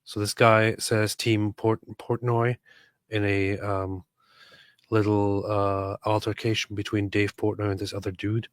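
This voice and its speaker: A man's voice: on the low side, monotone, measured pace, no room sound. A man co-hosting a casual livestream, reading out chat messages with dry sarcasm. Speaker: livestream co-host.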